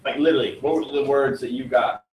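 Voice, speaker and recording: A man's voice: medium pitch, fairly even intonation, fast talker, a little mellow, a little hiss or hum. A male teacher reading student work aloud to his class and giving feedback, with joking, wry asides. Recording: echoey classroom, distant mic.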